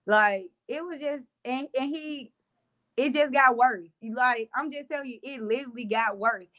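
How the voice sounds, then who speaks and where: A woman's voice: sits high, normal speed, highs cut off. A young adult woman, telling her personal story casually as an interview guest, with many trailing fillers.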